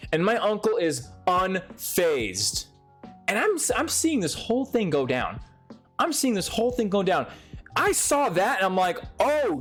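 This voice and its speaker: Excitable, swearing young man telling a story. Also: high-pitched. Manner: profane, excitable, lively storytelling. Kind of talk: animated storytime to camera. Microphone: speaking to a camera.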